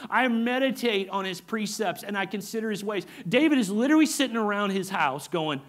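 A man's voice: high voice, lively intonation, a little fast, hardly any pauses, a bit bright. A man preaching a sermon as pastor, emphatic and repetitive, often asking his congregation for an amen. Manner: emphatic, repeats phrases, asks the congregation for amens.

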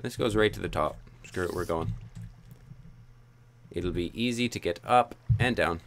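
A man's voice: low-pitched, unhurried, gravelly, slight background noise. A young man commenting on his own gameplay, muttering frustrated self-talk with sudden yelps. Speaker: gaming YouTuber.

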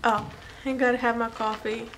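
A woman's voice: a little high, flat delivery, normal speed, a bit bright, a little hiss or hum. A woman vlogger and new mother talking casually through a product unboxing, chatty and self-deprecating, with fillers like "anywho".

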